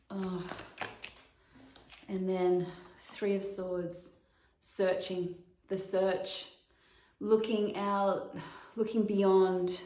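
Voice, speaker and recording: A woman doing a casual tarot reading, thinking aloud in a slow, musing way. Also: medium pitch, little pitch movement, dark tone. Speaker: tarot reader. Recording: echoey room with clear background noise.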